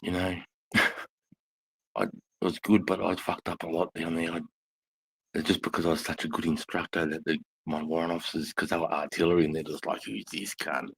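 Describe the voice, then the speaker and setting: A man's voice: deep voice, little pitch movement, fairly quick, creaky, breathy edge, low-quality recording. A man, a former army instructor, telling rowdy stories in casual live chat, blunt and full of swearing. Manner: blunt, swears constantly, rambling war stories.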